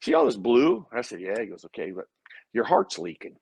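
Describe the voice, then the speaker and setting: A man's voice: on the low side, fast, creaky, slightly rough, no echo. A man, a guest in a casual interview, telling a personal story and acting out what other people said. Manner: animated storyteller who acts out other people's lines.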